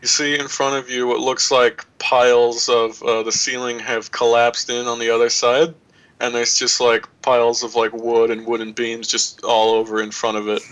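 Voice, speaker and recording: A man's voice: mid-range voice, monotone, normal speed, a bit bright, poor audio. A man narrating as game master for a tabletop game, describing scenes loosely with lots of fillers.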